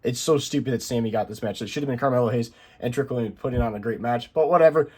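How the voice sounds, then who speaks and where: A young man casually reviewing a wrestling show, rambling excitedly with lots of asides. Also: medium pitch, fast talker, breathy edge. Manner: excited, rambling recap with many "I'm like" asides.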